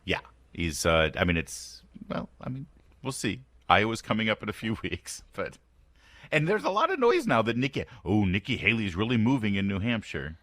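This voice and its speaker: A man's voice: on the low side, big pitch swings, moderate pace, fairly bright tone, dry recording. An American man hosting a morning talk radio show, sardonic and fond of reading quotes aloud with mock emphasis. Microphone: studio microphone.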